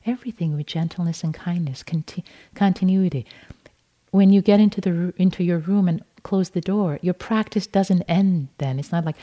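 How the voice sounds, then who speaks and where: Soft-spoken woman meditation teacher, mellow. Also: lowish voice. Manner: gentle, unhurried, with soft repetitions and restarts. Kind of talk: dharma talk. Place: meditation retreat hall.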